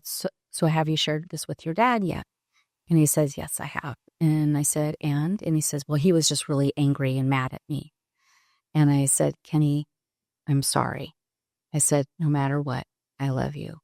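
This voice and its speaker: A woman in her sixties, a podcast guest, telling a personal story in a halting, reflective way with pauses and restarts. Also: deep voice, a little mellow, no echo, studio quality.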